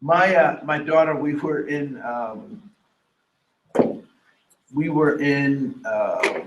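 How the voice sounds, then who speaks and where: A man with a fairly high voice teaches a workshop, lively and animated, drawing the audience in with questions. He is picked up from across an echoing room. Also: extremely slow, lo-fi sound, background noise. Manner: animated, asks the room questions, acts out quotes. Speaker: diversity trainer. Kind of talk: workshop lecture. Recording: echoey room, from a distance.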